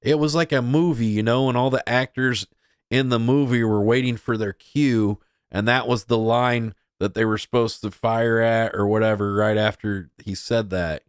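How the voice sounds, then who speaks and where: A man's voice: mid-range voice, steady tone, moderate pace, clear, resonant tone, no echo, studio quality. A young man hosting a podcast, giving rambling casual commentary full of filler words. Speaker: podcast host.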